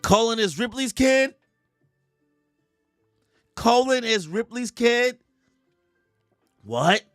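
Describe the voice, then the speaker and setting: A young man reacting live to a comic chapter, reading its lines aloud in slangy, animated casual talk and laughing often. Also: extremely high pitch, slow pace, long pauses, clean tone, no room sound, clean studio sound, soft background music. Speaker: streamer reacting to a manga chapter.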